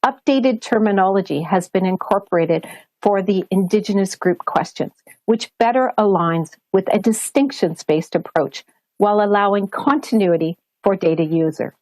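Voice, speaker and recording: A woman's voice: medium pitch, darkish tone, no echo, rough recording. Formal Canadian woman giving a briefing. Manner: formal, measured delivery, switching between English and French. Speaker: government official at a press briefing. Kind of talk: prepared briefing statement.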